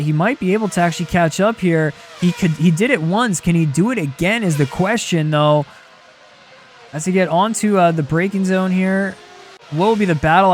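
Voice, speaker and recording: Excitable high-voiced young male race caster. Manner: excitable, rising to shouts at battles. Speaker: sim racing commentator. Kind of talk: live race commentary.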